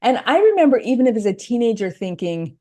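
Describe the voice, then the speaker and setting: Mellow-voiced woman coach explaining. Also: a little high, sing-song, a little fast. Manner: earnest, explains concepts step by step. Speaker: life coach guest. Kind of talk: podcast conversation.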